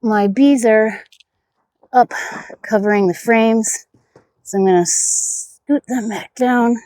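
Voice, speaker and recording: A woman's voice: on the high side, fairly even intonation, slow pace, long pauses, dark tone, no room sound. A woman beekeeper narrating her hive inspection outdoors in a casual, chatty way, muttering asides to herself and talking to her bees. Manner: talks to the bees. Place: outdoors by a beehive.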